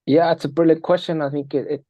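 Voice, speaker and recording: A man's voice: a little high, quick pace, no echo, lo-fi sound. Man telling football stories animatedly. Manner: energetic, tells anecdotes with quoted dialogue. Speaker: interview guest, football analyst. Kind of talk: animated storytelling interview.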